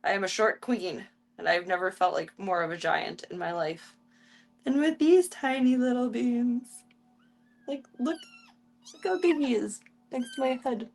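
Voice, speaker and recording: Soft-cooing woman streamer, higher voice. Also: lively intonation, unhurried, gravelly. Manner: coos and baby-talks to tiny animals; soft, playful, chatty. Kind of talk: casual live-stream chat.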